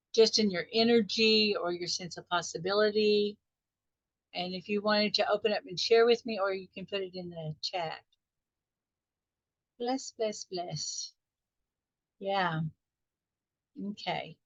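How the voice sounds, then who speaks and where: Over dull audio from a video call microphone, a woman with a medium-pitched voice leads her weekly wealth mindset coaching group live online. She addresses listeners directly with warmth and encouragement, stretching out reflective questions, and there's no room sound.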